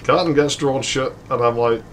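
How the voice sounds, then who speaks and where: A man's voice: mid-range voice, moderate pace, a little hiss or hum. A man casually telling a long rambling story while playing a game, swearing freely and chuckling between lines. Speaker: let's play host.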